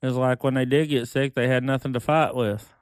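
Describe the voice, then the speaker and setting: A man's voice: medium pitch, steady tone, brisk, clear, resonant tone, dry recording. A man guesting on a podcast, chatting casually in a blunt way with heavy cursing. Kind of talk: casual chat.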